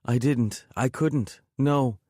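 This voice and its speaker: A man's voice: mid-range voice, slow, warm tone, no room sound, studio quality, voice pushed up. A man voicing a young woman, tearful and defiant, in an audiobook. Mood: pleading. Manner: raised, pleading.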